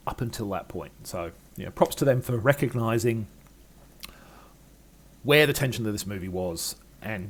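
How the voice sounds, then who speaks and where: A man's voice: lowish voice, husky. An older man giving a chatty, wry film review, full of ums and uhs. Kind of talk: casual film review monologue.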